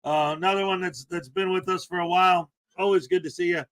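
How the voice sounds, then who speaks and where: A man's voice: sits high, steady tone, fairly quick, background noise. A man hosting a casual morning livestream, joking around and greeting viewers by name. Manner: jokey, playful, shouts out viewers by name. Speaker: livestream host. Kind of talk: casual live-chat greetings.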